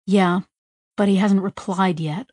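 A woman's voice: mid-range voice, steady tone, unhurried, no room sound, clean studio sound, lightly acted. A woman narrator voicing an agitated woman who presses hard with urgent, swearing questions. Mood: tense. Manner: urgent, swearing, rising to near shouts. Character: agitated adult woman, sharp and frantic.

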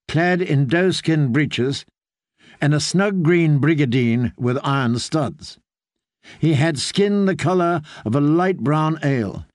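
Slow, measured male audiobook narrator. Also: fairly high pitch, no echo, studio quality. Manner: measured, steady storytelling.

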